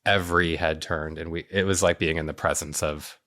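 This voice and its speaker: A man's voice: low voice, fairly even intonation, fairly quick, sharp tone. A man hosting an interview, chatting casually with a guest and gushing with enthusiasm. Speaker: podcast host.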